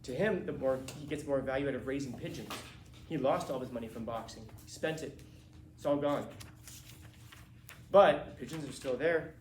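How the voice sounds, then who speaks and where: A man's voice: mid-range voice, normal speed, long pauses, roomy sound, slight background noise. A male teacher giving a classroom lecture in a casual, slangy way, acting out quotes as he talks.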